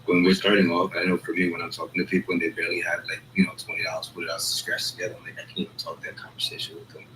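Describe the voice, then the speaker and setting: Low flat-voiced man, rambling chat. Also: very fast, slight background noise, low-quality recording. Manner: rambling, streetwise, talks in loose asides. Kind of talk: casual chat.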